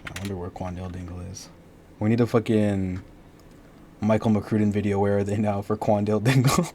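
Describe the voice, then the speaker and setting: Young male streamer, lowish voice, relaxed slangy banter, faint background hiss. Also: a little fast. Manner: laid-back banter with slang and swearing. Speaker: streamer host. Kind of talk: casual gaming chat.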